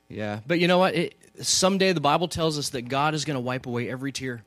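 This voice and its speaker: A man's voice: medium pitch, fast, few pauses, fairly bright tone, dry recording. A grown man preaching a conversational sermon to a congregation, often asking them questions. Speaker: pastor. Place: church hall.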